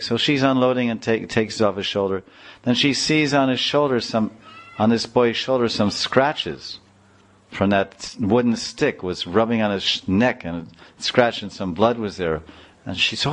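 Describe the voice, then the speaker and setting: A man's voice: fairly low pitch, a little slow. Rambling devotional storyteller, man. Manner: rambling, repeats and restarts phrases.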